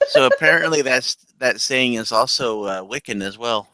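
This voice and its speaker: A man's voice: medium pitch, animated, normal speed, pushed and bright, no echo, poor audio. A man in a casual group chat, hesitantly reporting what he has looked up.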